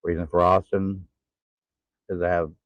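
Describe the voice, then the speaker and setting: Tired man in his forties, low voice. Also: little pitch movement, no room sound. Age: 40s. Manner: halting, tired, pauses to catch breath. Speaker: vlogger. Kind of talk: casual personal vlog. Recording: tinny phone-like sound.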